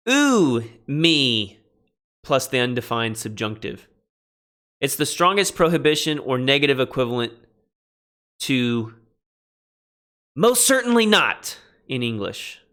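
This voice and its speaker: A man teaches biblical Greek in an easygoing lecture, his voice bright and pushing forward. He thinks aloud, corrects himself, and leans hard on the key phrases. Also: medium pitch. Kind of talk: casual classroom lecture.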